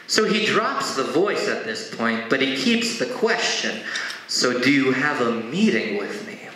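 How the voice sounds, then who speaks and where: A man's voice: mid-range voice, sing-song, a little slow, pushed and bright. A man doing stand-up storytelling in a conversational, wry way, with side remarks along the way. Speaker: comedian. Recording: very echoey room.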